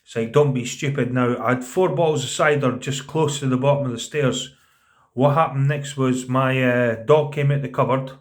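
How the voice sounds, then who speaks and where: A man in his thirties talking to camera in a vlog, earnest and a little halting. He repeats words as he goes and lowers his voice to quote what people said. His pitch sits in an ordinary middle range. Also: steady tone. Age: 30s. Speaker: vlogger telling a personal story. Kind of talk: casual spoken storytelling.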